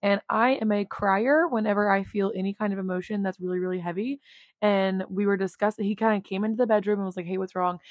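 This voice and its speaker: A woman's voice: mid-range voice, dry recording, studio quality. A young woman with a Texan accent hosting a solo podcast, chatting casually and confessionally, laughing often and full of "like" fillers. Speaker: podcast host.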